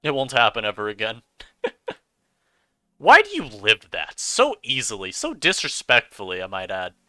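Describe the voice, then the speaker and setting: A man giving chatty, animated commentary over his own gameplay as a streamer, laughing often. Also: on the low side, moderate pace, no echo. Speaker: online game streamer.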